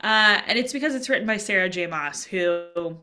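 A woman's voice: medium pitch, expressive, moderate pace, pushed and bright. A woman co-hosting a podcast in casual chat, talking freely and quoting her own thoughts aloud. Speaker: podcast co-host.

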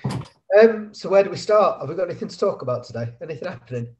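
A man's voice: fairly high pitch, expressive, fast, darkish tone, slight background noise. A man hosting a casual chat over a video call from home, laughing often. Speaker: podcast host.

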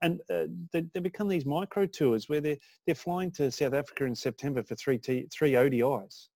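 A man's voice: a little high, a little fast, darkish tone, no room sound. An Australian man hosting a casual sports chat, rambling with restarts and casual swearing. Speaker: podcast host.

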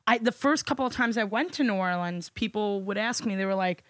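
A woman's voice: medium pitch, brisk, dry recording, studio quality. Blunt New York woman comic. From New York City. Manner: blunt, profane, animated storytelling. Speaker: guest comedian. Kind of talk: casual podcast chat.

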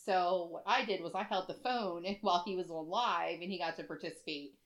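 A woman chatting casually as a podcast co-host, an animated storyteller who laughs often and acts out what people said. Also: a little fast. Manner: acts out quotes in big high voices. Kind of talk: casual chat.

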